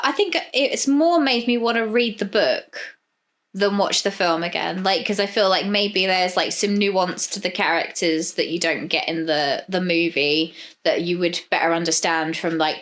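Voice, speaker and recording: A woman's voice: on the low side, normal speed, a bit bright. A woman co-hosting a casual film podcast, speaking frankly and chattily with a lot of fillers. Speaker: podcast co-host. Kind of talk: casual chat.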